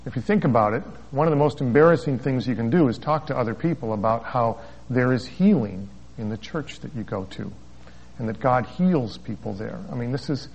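Wry pastor reading a story aloud. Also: male voice, mid-range voice, gravelly, a little mellow, slightly rough. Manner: storytelling with wry asides, chuckling. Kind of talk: sermon with a read-aloud story. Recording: dull lo-fi recording.

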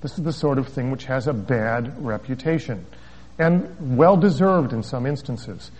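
Wry pastor reading a story aloud. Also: male voice, mid-range voice, lively intonation, a little slow, darkish tone, a little hiss or hum. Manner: storytelling with wry asides, chuckling. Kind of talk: sermon with a read-aloud story. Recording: dull lo-fi recording.

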